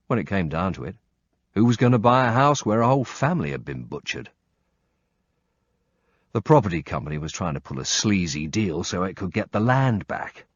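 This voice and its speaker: A man's voice: sits low, sing-song, moderate pace, dry recording. A man reading a first-person audiobook with dry, wry storytelling and blunt swearing, on slightly muffled audio. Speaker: audiobook narrator.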